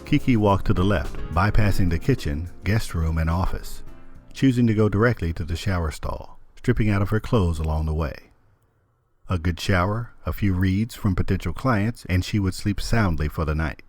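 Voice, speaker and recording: Deep-voiced man narrating a story. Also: dry recording, faint music behind. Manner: measured, steady storytelling. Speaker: audiobook narrator. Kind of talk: scripted narration.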